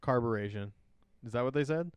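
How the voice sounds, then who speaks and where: A man's voice: medium pitch, fairly quick, smooth, dry recording. Rambling, laughing man in his late twenties. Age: late 20s. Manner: laughing, rambling with many fillers. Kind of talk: casual chat.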